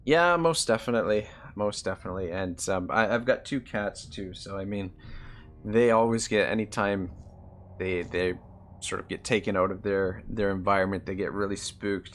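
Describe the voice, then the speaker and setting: A man's voice: deep voice, moderate pace, fairly bright tone. A man with an East Coast Canadian accent giving live commentary on a game he is playing, thinking aloud about his moves and swearing when annoyed. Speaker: gaming live streamer.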